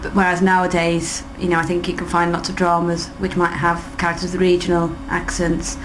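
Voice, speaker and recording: A woman lecturer in communication explaining in a measured way in an interview. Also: lowish voice, monotone. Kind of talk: expert interview. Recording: noisy background.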